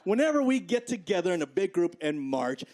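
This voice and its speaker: A man in his forties with a high voice works a comedy club stage, chatting loosely and checking in with the crowd after nearly every line. He's from the Midwest and talks in a relaxed, conversational stand-up rhythm. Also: a little fast, background noise. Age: 40s. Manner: conversational, peppered with "right?" and "okay?" tags. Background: audience laughter.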